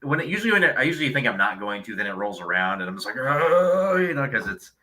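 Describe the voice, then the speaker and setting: Male guest, easygoing; very deep pitch, sharp bright timbre. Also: very animated, rapid-fire, rough recording. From Virginia. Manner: easygoing, laughs along, repeats words. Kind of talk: casual chat.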